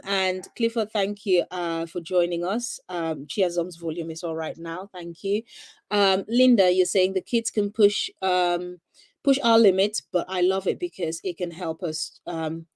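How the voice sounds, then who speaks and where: A woman's voice: fairly low pitch, darkish tone. Woman, podcast host, teacher, earnest, emphatic, repeats her points, conversational.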